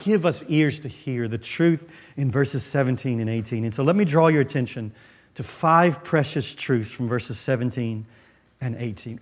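Emphatic male preacher, slightly high. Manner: emphatic preaching with dramatic pauses and drops to near-whisper. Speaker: pastor. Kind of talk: sermon. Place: church.

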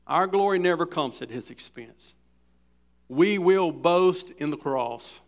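A man preaching a sermon, reading quotes with dramatic weight and building from quiet asides to loud, emphatic preaching. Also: fairly high pitch, lively intonation, slow. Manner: reads scripture and quotes aloud with dramatic weight. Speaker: pastor.

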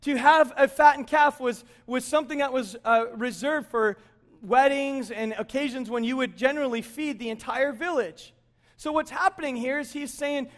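At normal speed and in a very high voice, a man preaches to his congregation. The pastor is animated, performing the characters he quotes and joking with the people listening.

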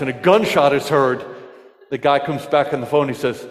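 A man preaching a sermon in a church, telling jokes and asking the congregation questions in a lively storytelling manner. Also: medium pitch, a little fast, long reverb tail. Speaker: pastor.

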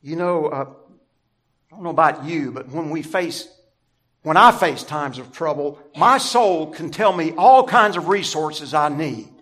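A man preaching a sermon as pastor, deliberate and emphatic, stressing key words through repetition. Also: fairly high pitch, a bit bright.

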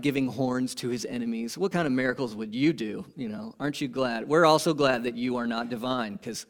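Male pastor, higher-pitched voice, impassioned sermon delivery with swings from loud peaks to hushed lows. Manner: impassioned, swings from loud emphatic peaks to quiet low asides.

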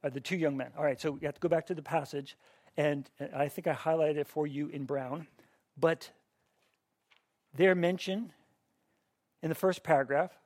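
A man's voice: on the high side, steady tone, moderate pace, long pauses, no echo, clean studio sound. A middle-aged man teaching a Bible class in a conversational way, asking the students questions and often restarting his sentences.

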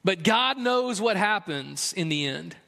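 A man's voice: high-pitched, expressive, a little slow, gravelly, pushed and bright. A man preaching a sermon as pastor, earnest and conversational with a playful humor. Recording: long hall reverb.

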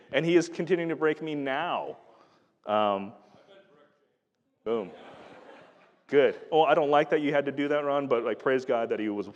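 In a reverberant hall, a middle-aged pastor delivers an earnest, conversational sermon and keeps restarting sentences. His mid-range voice has a darkish tone, and the high frequencies are cut off.

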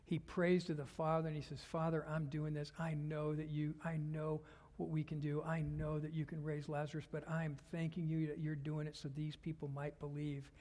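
A man preaching a sermon as a pastor, earnest, dropping to hushed whispers and rising to loud fervor. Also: on the high side, monotone, moderate pace, few pauses. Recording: long hall reverb.

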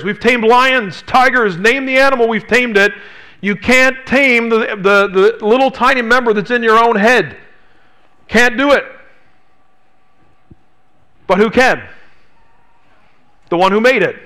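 A man delivers a sermon in a bright, ringing voice that sits high for a man. He preaches emphatically and fires rhetorical questions at his listeners. On key phrases he sinks into a hushed low voice. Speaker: pastor.

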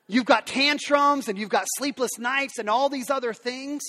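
High-voiced man preaching in a reverberant hall. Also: moderate pace, bright, forceful tone. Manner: earnest, conversational preaching to parents. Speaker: pastor. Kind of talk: sermon. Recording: long reverb of a large hall.

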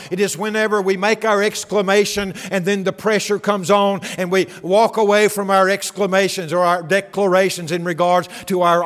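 A man's voice: sits high, fairly bright tone, in a large hall. A man preaching an expository sermon, earnest and emphatic, often repeating his key phrases.

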